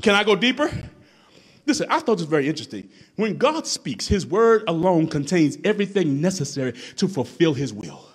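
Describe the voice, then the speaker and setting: A man preaching a sermon as pastor, building with repetition and rising into shouts. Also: fairly high pitch, very animated, a little fast, slightly rough.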